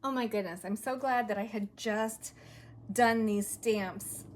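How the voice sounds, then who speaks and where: A woman's voice: on the high side, measured pace, a little hiss or hum. Chatty woman murmuring while she crafts. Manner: chatty, thinking aloud, murmuring to herself while stamping. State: a bit winded. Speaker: craft video creator. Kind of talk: casual crafting chat.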